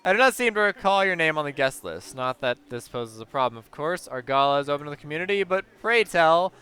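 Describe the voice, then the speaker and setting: A pompous businessman in his sixties, smug and formal, hosting a fancy gala in a video game, as a man reads him out. The voice rings bright and smooth, pitched a little high, with slow, flowery courtesy. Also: expressive. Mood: gracious. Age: 60s. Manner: formal, self-satisfied, flowery. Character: pompous older male factory-owner gala host. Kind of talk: reading game dialogue aloud.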